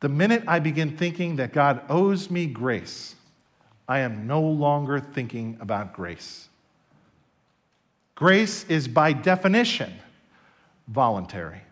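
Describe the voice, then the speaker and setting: Delivering his sermon slowly and with frequent pauses, this pastor tells stories in a lively, emphatic way. His fairly high male voice ranges broadly in pitch.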